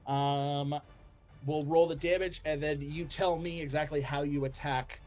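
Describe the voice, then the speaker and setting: A man's voice: fairly high pitch, measured pace, faint music behind. Laughing male game master narrating. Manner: relaxed, laughs often, many ums.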